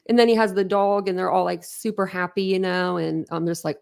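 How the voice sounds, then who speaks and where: Gravelly-voiced woman chatting on a livestream. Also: mid-range voice, steady tone, fast talker, few pauses. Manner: chatty and emotional, laughs often, trails off and restarts. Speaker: host of a true crime channel. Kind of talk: casual livestream chat, reacting to viewer comments.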